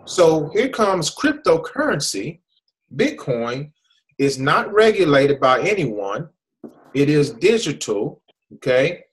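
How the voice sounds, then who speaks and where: A man's voice: on the high side, big pitch swings, slow pace, rough recording. An American man hosting an online hangout, explaining with frequent restarts and repeated "okay?" checks. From USA. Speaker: host. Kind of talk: casual hangout presentation.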